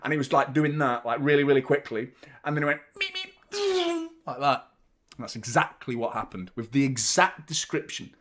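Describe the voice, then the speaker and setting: A man, hosting a football watchalong with excitable, rambling commentary and frequent swearing. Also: mid-range voice, fairly quick. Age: 30s. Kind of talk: live match commentary and chat.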